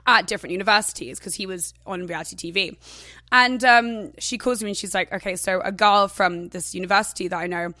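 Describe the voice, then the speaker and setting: A woman, a guest chatting candidly and casually, full of fillers and quick laughs. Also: medium pitch, bright, forceful tone, no echo, studio quality.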